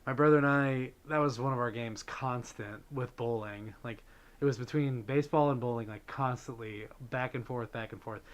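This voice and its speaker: On his livestream, a man chats with viewers in a loose, unscripted way, reading their messages aloud and thanking donors as he goes. His middle-pitched voice moves at a moderate pace, full of relaxed ums and likes.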